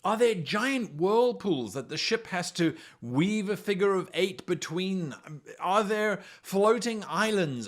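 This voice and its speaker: A man's voice: high voice, a bit bright. A man hosting an instructional video, giving game master advice in an enthusiastic, conversational way.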